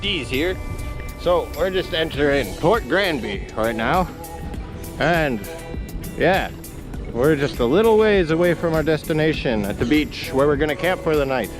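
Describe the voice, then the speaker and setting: A man's voice: on the high side, lively intonation, unhurried, music in the background. A man vlogging on a bike trail, out of breath, chatty and upbeat with frequent laughs. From Canada. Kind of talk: casual outdoor vlog.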